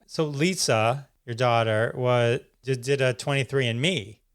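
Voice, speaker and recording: A man's voice: mid-range voice, unhurried, clear, resonant tone. A man hosting a podcast, enthusiastic and asking follow-up questions of his guest. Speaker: podcast host. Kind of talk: interviewing.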